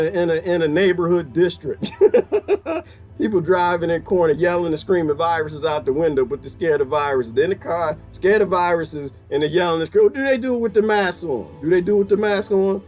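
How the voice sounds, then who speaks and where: High, lively man ranting comically. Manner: animated, exasperated ranting with frequent laughter. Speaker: vlogger. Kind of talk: comedic rant to camera.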